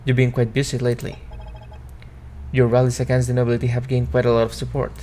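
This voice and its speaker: A man's voice: medium pitch, completely flat delivery, fast talker, mellow, slight background noise, lightly acted. A man reading a cold, commanding young noble mage. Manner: clipped, imperious orders. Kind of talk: reading game dialogue aloud.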